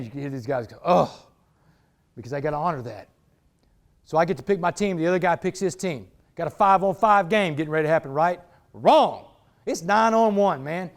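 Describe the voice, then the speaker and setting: High-voiced man telling a story with energy. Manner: animated, street-talking storyteller, calls listeners "man" and "y'all". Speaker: motivational speaker. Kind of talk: motivational storytelling talk. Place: indoors, speaking to a football team.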